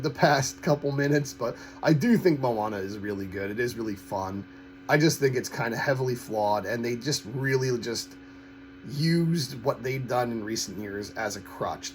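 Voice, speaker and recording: A man giving a casual, opinionated film review in a halting way, with frequent false starts and repeated words. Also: mid-range voice, slight background noise, poor audio. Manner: critical, blunt opinions. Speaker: host of a film-ranking channel.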